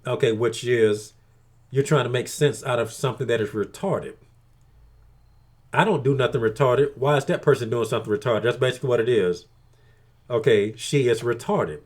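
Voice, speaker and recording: Male vlogger, casual crude monologue, swears freely, rambles with many "okay"s, average pitch. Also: moderate pace. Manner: crude, profane, repeats "okay" often. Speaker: video blogger.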